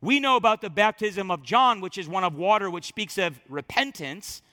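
Bright-voiced man preaching in an echoing hall. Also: sits high, moderate pace. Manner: conversational storytelling, animated quoted voices. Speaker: pastor. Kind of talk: sermon with personal stories. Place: church sanctuary. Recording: long reverb of a large hall.

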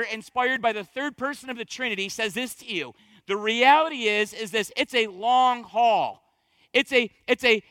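A man preaching in a church with a very high, bright voice. He hammers home his points, repeating lines and slowing right down for emphasis. The sound is dry and close, with hardly any room echo. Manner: emphatic preaching with slow stressed phrases and repetition. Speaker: pastor. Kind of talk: sermon. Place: church sanctuary.

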